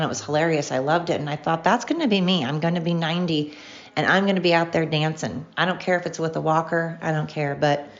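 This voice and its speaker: Chatty middle-aged woman, gravelly and lo-fi. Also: on the low side. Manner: rambling, chatty, upbeat. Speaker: podcast host. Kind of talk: casual solo podcast monologue. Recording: dull lo-fi home recording.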